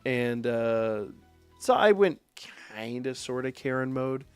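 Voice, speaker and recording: A man streaming live, telling a profane, animated story in a casual way. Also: medium pitch, slow pace, clean tone, no echo, soft background music. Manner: profane, animated anecdote with quoted voices.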